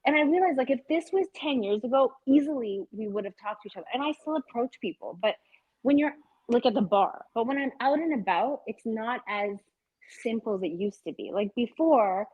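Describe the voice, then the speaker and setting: A young woman chats fast and bluntly as a podcast co-host, swearing freely and laughing often. The recording is close and dry, with a somewhat dull, muffled sound. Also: fairly high pitch, animated, dry recording. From lives in Los Angeles. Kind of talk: casual chat.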